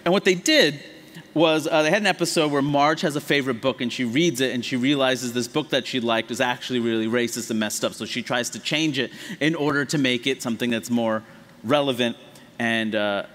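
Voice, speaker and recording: A man in his late thirties from the United States giving an animated, profane, emphatic comedic talk on stage. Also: medium pitch, fairly quick. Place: large hall on stage. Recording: echoey hall.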